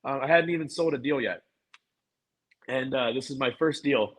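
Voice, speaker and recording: Husky man telling a story. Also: mid-range voice, moderate pace, low-quality recording. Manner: animated, repeats words and restarts often. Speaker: podcast guest. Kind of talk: casual storytelling.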